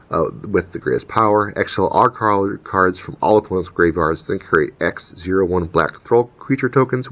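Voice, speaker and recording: Very low-voiced man for a casual unboxing; reads names and rules aloud, slightly muffled. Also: a bit bright. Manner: reads card names and rules text aloud, chatty asides. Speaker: channel host opening card packs. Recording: dull lo-fi recording with faint rumble.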